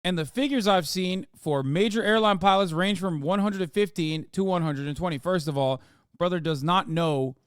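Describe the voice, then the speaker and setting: A man in his thirties streaming live, reacting to posts with profane, mocking commentary that swings from loud outrage to mumbled asides. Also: high voice, moderate pace, smooth, dry recording, clean studio sound.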